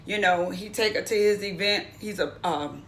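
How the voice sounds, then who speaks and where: A woman's voice: medium pitch, normal speed, a little hiss or hum. A woman casually recapping a reality show, chatty and blunt, swearing freely and acting out what the cast said.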